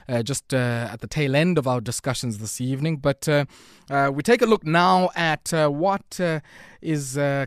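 A man hosting an evening radio interview from a studio, talking with many uhs and pauses. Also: on the high side, no room sound. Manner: hesitant, many filler words. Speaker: radio host.

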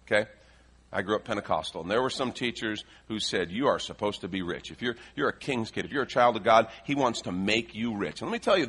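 Pastor guy from chicago, husky edge, preaching with jokes in between. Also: on the low side. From Chicago area. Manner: animated preaching, reads scripture aloud, joking asides. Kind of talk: sermon.

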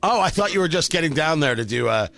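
A man's voice: a little high, expressive, fast, gravelly, fairly bright tone, a little hiss or hum. A man hosting a morning radio show, joking and stammering as he chats. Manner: joking, stammering, repeats words. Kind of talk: casual morning radio chat.

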